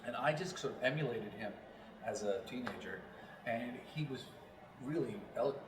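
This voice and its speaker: A man's voice: medium pitch, animated, normal speed, noisy background. A man from New York, a voiceover actor, talking casually as an interview guest and rambling with many fillers. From New York, Long Island. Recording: roomy, distant mic.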